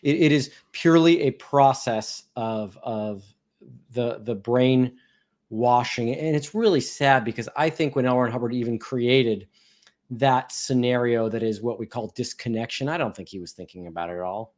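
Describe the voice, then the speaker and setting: A man, a guest in a casual chat, talking in a measured, explanatory and sympathetic way. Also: mid-range voice, darkish tone.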